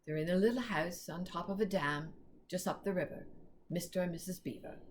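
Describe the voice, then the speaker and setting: A woman's voice: on the low side, fairly quick, slight background noise, close to an everyday voice. A woman voicing a frightened young boy who trembles and stumbles as he speaks in a storybook reading. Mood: pleading.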